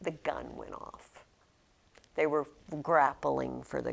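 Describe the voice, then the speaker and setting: A woman teaching a high school literature class, asking questions and acting out lines from the book. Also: slow, gravelly. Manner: animated, asks questions, acts out quotes.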